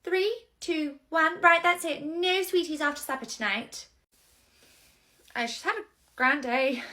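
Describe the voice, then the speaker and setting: A woman's voice: sits high, a little slow, sharp tone. A woman playing a posh, impatient mother in a comedy sketch, giving prim, clipped commands. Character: posh, impatient mother hurrying her toddler.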